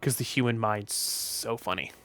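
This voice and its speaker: Tired young man with a bright, smooth voice. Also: medium pitch, normal speed, faint music behind. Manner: rambling, offhand, swears casually. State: tired, sleepy. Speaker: VTuber streamer. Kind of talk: casual stream chat.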